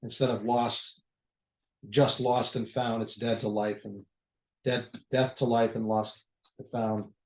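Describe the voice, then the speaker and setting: A man teaching a Bible study in a casual, exploratory way, often circling back and restarting his sentences. His voice sits at a middle pitch. The recording carries a noticeable room echo. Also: little pitch movement, takes it slowly. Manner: conversational, thinking aloud with restarts. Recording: echoey room.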